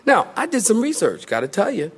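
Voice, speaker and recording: A man preaching a sermon as pastor in a church, emphatic and animated, with humorous asides. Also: high-pitched, brisk, slightly rough.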